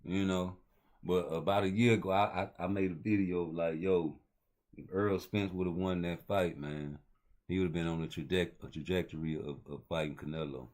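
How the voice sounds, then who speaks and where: Male host, very low voice, loose slangy boxing rant. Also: fairly even intonation, normal speed, darkish tone. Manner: loose, rambling street talk with heavy slang. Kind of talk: casual boxing commentary.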